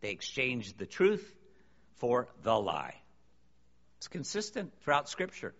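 A man's voice: mid-range voice, wildly swooping pitch, takes it slowly, vocal fry, fairly bright tone. A man preaching a sermon to a congregation, emphatic and full of rhetorical questions. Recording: long hall reverb, dull lo-fi sound.

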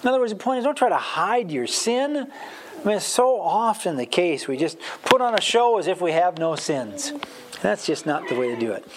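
A man's voice: high-pitched, very animated, normal speed, a little hiss or hum. A man giving a conversational Bible teaching, chatty and self-deprecating, with plenty of fillers.

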